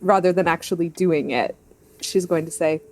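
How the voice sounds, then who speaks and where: A woman's voice: fairly low pitch, moderate pace, darkish tone. A woman taking part as a player in a tabletop role-playing game, chatty as she describes her character's actions.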